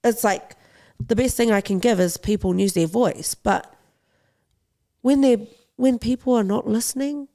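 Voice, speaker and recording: A woman's voice: on the high side, a little slow, warm tone. A young adult woman, a boxing champion, telling a personal story as a podcast guest in an impassioned, urgently pleading way.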